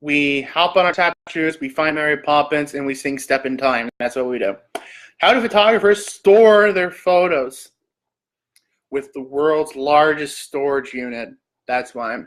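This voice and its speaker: With a slightly high, somewhat bright voice and a measured pace, a Canadian livestream host keeps things casual. His routine is reading search questions aloud, then tossing back jokey replies.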